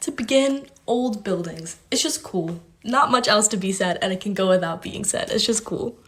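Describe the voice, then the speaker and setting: A woman's voice: mid-range voice, moderate pace. A woman from the United States listing things she loves, upbeat and enthusiastic. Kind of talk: casual list to camera.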